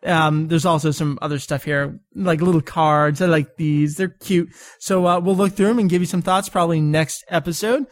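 A man's voice: fairly high pitch, fairly even intonation, moderate pace, few pauses, dry recording, studio quality. A man hosting a podcast in casual, rambling chat, chatty and self-deprecating. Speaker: podcast host.

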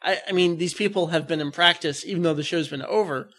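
A young man co-hosting a podcast, chatting excitedly about a video game, quick to laugh. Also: a little high. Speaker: podcast co-host. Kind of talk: casual review chat.

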